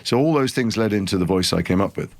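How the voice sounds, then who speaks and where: A middle-aged man from Liverpool with a softened Liverpool accent, telling long rambling stories in a podcast interview. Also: fairly low pitch, fast. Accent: refined Liverpool English. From Liverpool, England. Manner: rambling, animated storyteller with many restarts. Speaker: actor guest.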